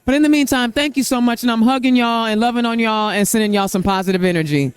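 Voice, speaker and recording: Effusive high-voiced woman host. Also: fast, clean tone. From Indiana. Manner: emotional, effusive. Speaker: podcast host. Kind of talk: on-location interview. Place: event venue.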